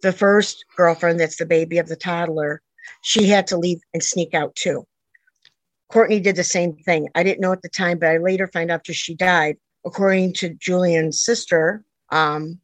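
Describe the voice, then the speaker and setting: A woman's voice: on the low side, steady tone, moderate pace, no room sound, low-quality recording. A middle-aged woman, a mother, telling a long personal story in an earnest, rambling way that jumps back and forth in time. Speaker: interviewee, a mother telling her daughter's story.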